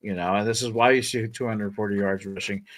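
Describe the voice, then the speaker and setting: A man's voice: on the low side, fairly even intonation, a little fast. A man hosting a sports podcast, talking in a loose, rambling way, swearing and repeating himself. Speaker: podcast host. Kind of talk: casual sports podcast chat.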